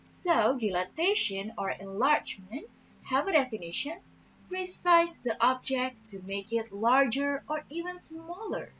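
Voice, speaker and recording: A woman teacher explaining a math lesson patiently, repeating each step slowly. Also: sits high, very animated, sharp tone. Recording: dull lo-fi audio with faint music.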